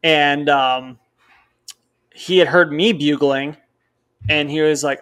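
A young man from Wisconsin tells a long hunting story in a loose, rambling way, fairly high-pitched, and acts out bits of dialogue as he goes. He co-hosts a podcast and talks casually. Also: slow, pauses often, smooth. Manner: rambling storyteller, animated, quotes others in dialogue. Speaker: podcast co-host.

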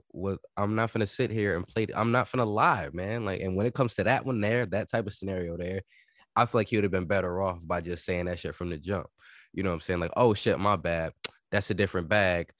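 A man's voice: deep voice, quick pace, no room sound, clean studio sound. A man in his thirties in casual podcast chat, opinionated and emphatic, jumping in with questions.

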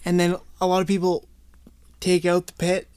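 A high-pitched man hosts a loose podcast chat over drinks. He teases his guests and keeps looping back on the same phrases. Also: completely flat delivery, normal speed, darkish tone, smooth, dry recording. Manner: joking, teasing, repeats himself. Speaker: podcast host.

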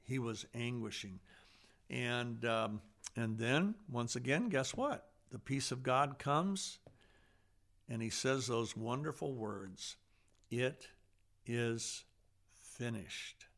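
A man preaching with a gravelly, fry-tinged voice. He talks earnestly, pressing points hard and then dropping to a near hush. His pitch sits in an ordinary middle range. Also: lively intonation, slow. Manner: earnest, swings between loud emphasis and hushed softness. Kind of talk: sermon.

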